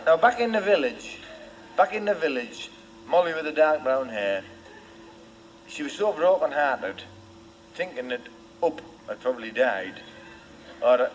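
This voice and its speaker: A man telling a rambling comic story on stage in a deadpan way, repeating his phrases. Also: a little high, slight background noise, rough recording. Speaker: folk singer and entertainer. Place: live concert stage.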